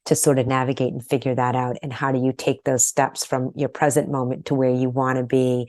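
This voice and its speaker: A woman's voice: extremely low pitch, darkish tone, no room sound, studio quality. A woman hosting a podcast interview, speaking emotionally and encouragingly. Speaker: podcast host. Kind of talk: podcast conversation.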